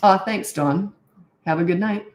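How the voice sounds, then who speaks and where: A woman's voice: mid-range voice, unhurried, reverberant. An older woman, a parenting coach, answering viewer questions in a frank, chatty live Q&A and thinking aloud as she goes.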